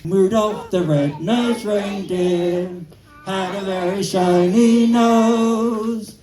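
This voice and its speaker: A man's voice: sits high, very slow, mellow, recorded from a distance. A man playing Father Christmas, reciting a Christmas poem and leading carols for children in a theatrical, sing-song way. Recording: echoey room.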